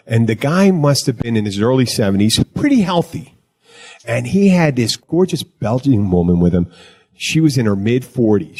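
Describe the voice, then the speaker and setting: Male podcast host, mid-pitched, loose and jokey, wanders off mid-sentence. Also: darkish tone. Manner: rambling, jokey, self-interrupting. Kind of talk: casual chat.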